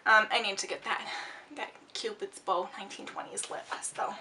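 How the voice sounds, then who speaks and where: A woman reviewing a book while she does her makeup, talking in an excited, gushing way with lots of fillers and restarts, and sounding a bit out of breath. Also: mid-range voice, moderate pace, distant mic, very noisy.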